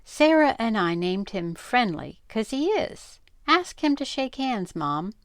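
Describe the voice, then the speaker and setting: An eager storybook boy who pleads and chatters with lively ups and downs, as an older woman reads him aloud. His voice sits a touch higher than her reading, with a slight gravel underneath. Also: slow pace, no room sound, clean studio sound, exaggerated voice. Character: eager earnest young boy.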